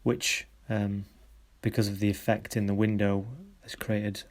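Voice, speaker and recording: Low-voiced man praising photography work. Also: completely flat delivery. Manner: encouraging, halting with many pauses. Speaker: photography workshop leader. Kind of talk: recorded feedback on students' photos.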